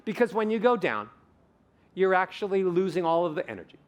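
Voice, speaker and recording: A man's voice: high voice, brisk. A man giving a conference talk as a voice coach, leading the audience through breathing exercises in a playful, demonstrative way. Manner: animated, demonstrates vocal examples, playful. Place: conference stage.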